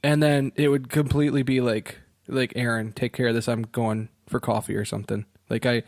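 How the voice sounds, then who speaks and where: A man's voice: medium pitch, little pitch movement, brisk, no echo, clean studio sound. Self-mocking, rambling man on a podcast. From Virginia, USA. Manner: rambling, self-mocking, swears casually, laughs often. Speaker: podcast co-host. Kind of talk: casual podcast chat.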